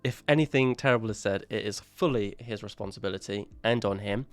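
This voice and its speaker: A man's voice: lowish voice, brisk, no room sound. Man, laughing, dry close mic. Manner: laughs often, swears casually, banter. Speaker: podcast co-host. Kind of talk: casual chat on a live stream.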